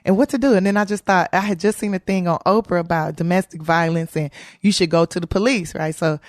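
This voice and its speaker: A woman's voice: fairly low pitch, fairly even intonation, a little fast, no room sound, clean studio sound. A woman, a comedian guest, telling a candid story in an interview with slangy, profane speech and frequent laughter.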